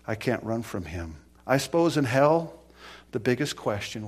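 Emphatic preacher with a lively voice. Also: male voice, medium pitch, normal speed, breathy edge. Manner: emphatic, swinging between quiet and loud; repeats words for emphasis. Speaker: pastor. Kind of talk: sermon.

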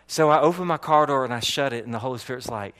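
A male pastor from Florida preaching a sermon and telling a personal story in an animated way, often repeating words and swinging from loud to hushed. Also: mid-range voice, quick pace.

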